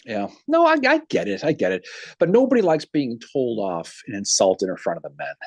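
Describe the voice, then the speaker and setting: A man talking casually on a video call, telling history stories with lively acted-out quotes. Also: mid-range voice, fairly quick, no echo. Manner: animated storyteller, acts out quotes.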